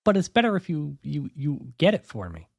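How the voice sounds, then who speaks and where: A man on a casual podcast who makes dry, deadpan quips. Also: a little high, moderate pace, vocal fry. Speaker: podcast co-host. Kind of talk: casual chat.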